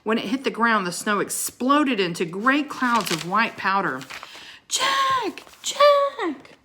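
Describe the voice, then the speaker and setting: A woman reads a children's storybook aloud in a clear, bright voice. Her reading is expressive, with occasional small stumbles. She sounds like she is reading to a child at home. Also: mid-range voice, moderate pace, slight background noise. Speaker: reader of a children's book.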